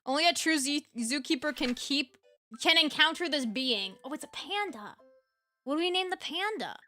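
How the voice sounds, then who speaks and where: A young woman giving casual, playful gameplay commentary as a YouTuber, chatty and quick to giggle. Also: sits high, animated, pushed and bright. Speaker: gaming YouTuber. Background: game music.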